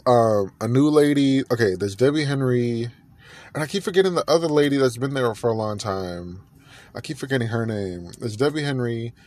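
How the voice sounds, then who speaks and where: A man hosting a podcast, chatting in a gushing, animated way and repeating himself often. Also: medium pitch, no room sound. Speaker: podcast host. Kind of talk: casual music gossip chat.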